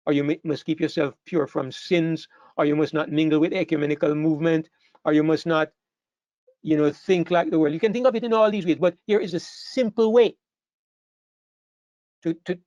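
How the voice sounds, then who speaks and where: A man's voice: on the high side, darkish tone, no room sound. Earnest male preacher, dull dry sound. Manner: earnest, repeats phrases, rises to emphatic peaks. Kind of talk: sermon to a congregation. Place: church hall with a live congregation.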